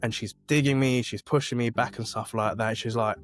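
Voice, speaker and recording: A man's voice: medium pitch, brisk. A man, a podcast guest telling a personal story in a casual way and acting out the voices of other people. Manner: animated, acts out quoted voices.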